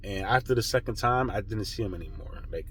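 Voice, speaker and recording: A man's voice: fairly low pitch, animated, fast talker, a bit bright, slight background noise. A young man casually telling a personal spiritual story, earnest and rambling, swearing freely and checking in with his listener. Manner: earnest, rambling, swears freely, keeps asking "you know?". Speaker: spiritual vlogger.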